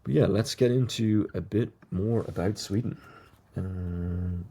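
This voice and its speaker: A man's voice: low voice, unhurried, mellow, slightly rough. A man hosting a solo podcast, reading through a list of notes and stumbling over foreign words with small asides. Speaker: podcast host.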